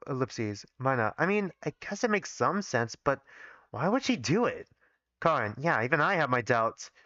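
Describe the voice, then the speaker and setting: A man on a live stream reading his old fan fiction aloud, pausing to criticize his own writing and swearing casually. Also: medium pitch, a bit bright, no room sound, muffled recording. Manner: self-critical, swears casually, reads every part himself.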